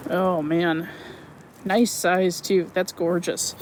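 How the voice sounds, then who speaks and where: A woman narrating her metal detecting finds outdoors on a wooded property in a chatty, excitable way, often correcting herself. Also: lowish voice, slow pace, slight background noise, low-quality recording. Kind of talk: casual outdoor vlog narration.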